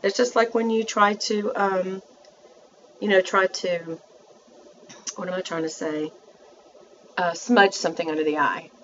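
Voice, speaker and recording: A woman's voice: mid-range voice, steady tone, a little slow, pauses often, lo-fi sound, slight background noise. A woman, chatting through a makeup tutorial and talking to her viewers as she works. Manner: chatty, self-narrating, addresses viewers as y'all. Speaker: beauty vlogger.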